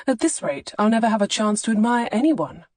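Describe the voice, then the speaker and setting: Heard up close in a dry booth, a woman narrator plays a flustered young lady from an audiobook, lifting her voice higher and breathier than the narration as she protests. The sound carries no room at all. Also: lively intonation, fairly quick, darkish tone, no echo. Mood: earnest. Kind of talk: audiobook character dialogue.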